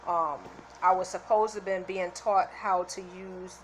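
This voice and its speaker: A woman's voice: lowish voice, steady tone, unhurried, slight background noise, low-quality recording. A woman vlogging to her viewers with the camera in her hand, earnest and heartfelt, close to tears with happiness. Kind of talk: emotional motivational vlog. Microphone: handheld camera.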